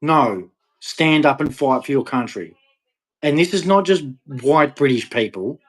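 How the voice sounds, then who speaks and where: A man delivering an impassioned, ranting monologue to camera, with sudden loud, emphatic rises. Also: a little high, animated, measured pace. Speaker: vlogger.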